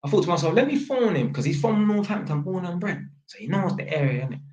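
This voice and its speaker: With a fairly high, darkish voice, a young vlogger speaks quickly and expressively, and the sound is lo-fi. He sits at a small table at home in an echoey room, recounting a story in slang and voicing both sides of phone calls.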